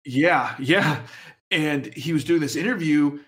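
Halting male podcast co-host. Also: a little high, a bit bright. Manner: halting, stop-start with fillers. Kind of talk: casual chat.

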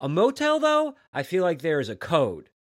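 A man co-hosting a casual chat, jokey and animated. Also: a little high, moderate pace, dry recording, studio quality. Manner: animated, jokey, acts out quotes. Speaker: podcast co-host. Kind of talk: casual chat about a comic.

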